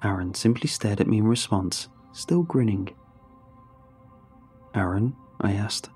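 A man telling a first-person horror story in a steady, measured way. His voice is low and mellow, with a husky grain. Faint music plays under the narration.

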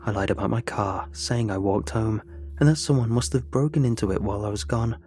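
A man narrating a horror story in a measured, dramatic manner. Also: on the low side, a little mellow, soft background music.

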